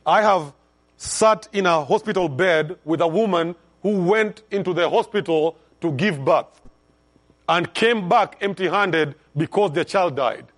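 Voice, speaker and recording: A middle-aged male pastor preaching a sermon, calling on the congregation to respond and swinging between hushed and loud emphasis. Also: sits high, measured pace.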